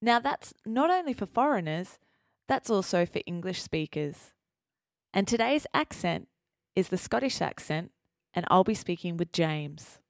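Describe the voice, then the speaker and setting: A woman hosting an educational podcast, reading a scripted lesson in a clear, measured teaching manner. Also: lowish voice, lively intonation, no echo, studio quality. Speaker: podcast host.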